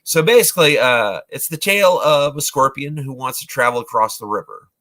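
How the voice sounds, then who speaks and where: A man in his forties chats casually about movies he loves, rambling along with many fillers and restarts. His voice is bright and forward, sitting at an ordinary middle pitch. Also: expressive, fairly quick. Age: 40s. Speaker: vlogger, movie reviewer. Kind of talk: casual retelling of films.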